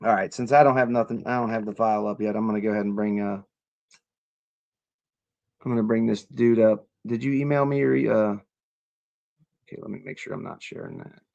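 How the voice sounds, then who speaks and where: A man's voice: fairly low pitch, steady tone, normal speed, vocal fry, long pauses, a little mellow, dull audio. A man hosting a livestream, talking in a loose, chatty way with plenty of swearing. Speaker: livestream host. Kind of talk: casual livestream commentary.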